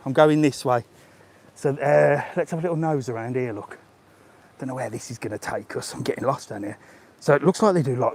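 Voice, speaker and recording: A middle-aged man, vlogging live while walking outdoors through resort grounds, talking in a jokey, chatty way and chuckling often. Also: mid-range voice. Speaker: travel vlogger. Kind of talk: live-streamed walking vlog. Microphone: handheld gimbal camera.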